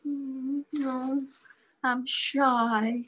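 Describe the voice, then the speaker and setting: A woman's voice: high voice, little pitch movement, drawn-out words, a bit bright, slight background noise, pitched above the performer's own voice, heavily acted, rough recording. A woman voicing a timid little shy fish in a storybook, hesitant and repeating herself.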